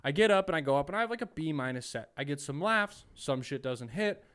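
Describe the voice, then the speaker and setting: A young man hosting a podcast, telling a story in casual chat, animated and profane, acting out what people said. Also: fairly high pitch, brisk. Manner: animated, profane, acts out quotes. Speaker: podcast host.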